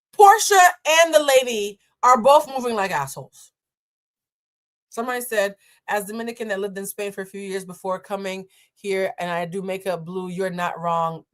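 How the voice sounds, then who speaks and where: A woman from Boston hosting a live stream, reacting bluntly and profanely to a viral clip and laughing often. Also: medium pitch. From Boston, USA.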